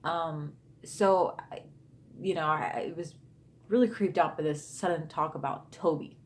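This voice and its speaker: A chatty woman in her thirties tells a true ghost story straight to camera. Her voice sits fairly low, and her talk is full of fillers and casual asides. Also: measured pace, a little hiss or hum. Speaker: YouTuber. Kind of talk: storytime vlog.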